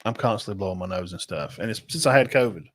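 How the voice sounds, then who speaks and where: A man's voice: low voice, animated, quick pace, a bit bright. A man with a Southern accent and a nasal, sinus-blocked voice, hosting a casual sports talk show in a chatty, folksy way. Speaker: host.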